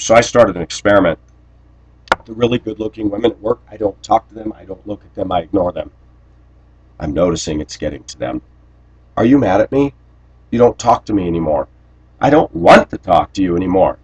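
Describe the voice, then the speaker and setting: A man with a somewhat low voice talks straight to his viewers in a long, rambling monologue. He sounds blunt and aggrieved and keeps stopping to clear his throat. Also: highs cut off. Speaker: vlogger.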